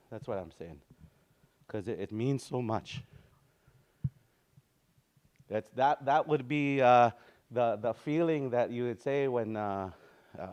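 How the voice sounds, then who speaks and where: A man teaching a language lesson in a relaxed, easygoing way, slowly repeating words for practice and often restarting his sentences. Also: mid-range voice. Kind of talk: informal spoken language lesson.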